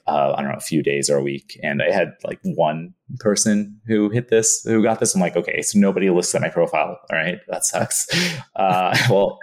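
A man telling a story in an interview, animated, acting out his own past thoughts and laughing often. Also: low-pitched. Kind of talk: casual anecdote in an interview.

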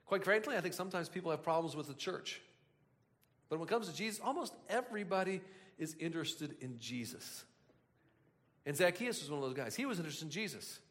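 Animated high-voiced man preaching. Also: a little fast, long reverb tail. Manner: animated, chatty asides, frequent restarts. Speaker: pastor. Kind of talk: conversational sermon.

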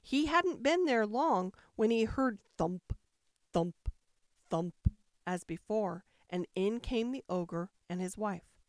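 A woman reading a fairy tale aloud as a storyteller, with expressive narration and rising emphasis. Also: medium pitch, takes it slowly, no echo, clean studio sound.

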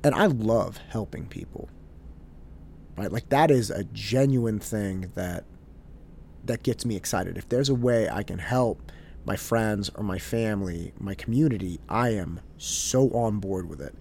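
A man hosting a show, telling a candid, self-deprecating personal story in a relaxed conversational way. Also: on the low side, unhurried, vocal fry, a little hiss or hum. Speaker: podcast host. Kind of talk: reflective personal storytelling monologue.

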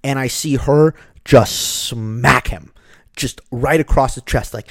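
A man casually telling a personal story, lively, acting out the people in it. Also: medium pitch, slow pace, creaky, no echo. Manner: animated, acts out the people in his story.

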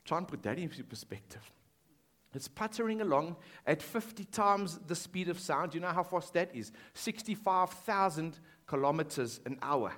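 A man preaching a sermon in a school hall, shifting between loud emphatic lines and hushed quoted lines. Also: a little high, expressive, moderate pace. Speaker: pastor.

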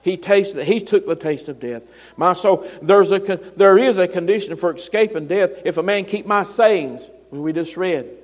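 A man's voice: high-pitched, moderate pace, big-room sound. A man preaching a sermon, folksy and storytelling, rising to emphatic declarations.

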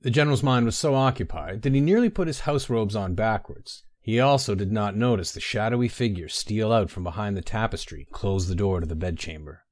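Low-voiced man narrating a fantasy tale. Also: a little fast, few pauses, darkish tone, no echo, studio quality. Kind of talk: scripted fantasy story narration.

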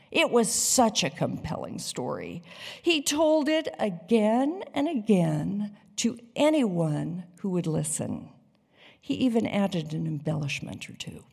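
A woman narrating a dramatic story in an expressive, deliberate way. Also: medium pitch, gravelly, breathy edge. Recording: long hall reverb.

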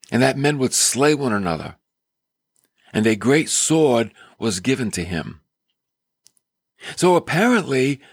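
A man preaching a sermon on scripture, emphatic, with dramatic swings in his pitch. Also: breathy edge, no room sound, clean studio sound.

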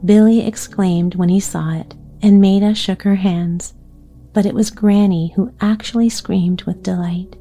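Woman, bedtime story reading, gentle, mellow voice, soft music behind. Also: medium pitch. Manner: gentle, soothing.

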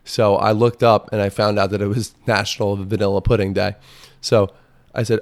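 A man's voice: on the low side, flat delivery, normal speed. Rambling, profane male podcast host. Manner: rambling and profane, crude jokes. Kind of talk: casual comedic monologue.

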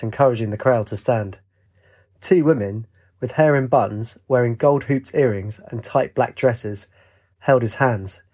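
A man reading a fantasy story aloud in a steady, descriptive storybook narration. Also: medium pitch.

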